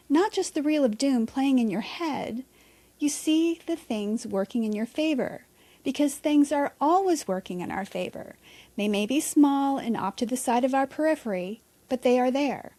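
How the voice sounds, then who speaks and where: Candid, upbeat woman with a higher voice. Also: expressive, moderate pace, mellow. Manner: candid, conversational, mildly profane. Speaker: podcast host. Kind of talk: reflective solo monologue.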